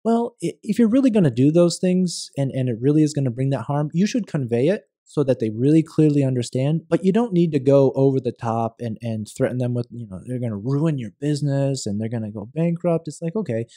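A man, a real estate attorney and podcast guest, speaking in a measured, thoughtful way with frequent restarts in a conversational interview. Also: mid-range voice, lively intonation, dark tone, dry recording, clean studio sound.

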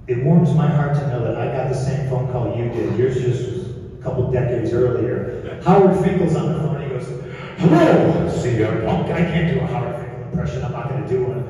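A man's voice: mid-range voice, mellow, dull audio. A man in his forties from Chicago giving a casual, profane acceptance speech, telling stories with self-mocking jokes on a stage. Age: 40s. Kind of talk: live acceptance speech with storytelling. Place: large banquet hall. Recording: echoey hall, distant pickup, faint room noise.

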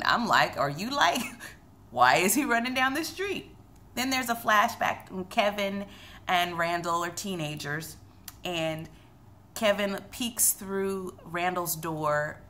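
A woman's voice: lowish voice, creaky, sharp tone, slight background noise. A woman casually recapping a TV episode to camera, retelling scenes and quoting the characters' lines. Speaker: TV recap vlogger.

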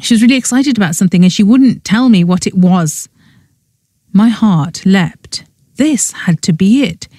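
A woman narrating a first-person cozy mystery audiobook in a brisk storybook reading. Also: medium pitch, expressive, dark tone, no room sound, clean studio sound.

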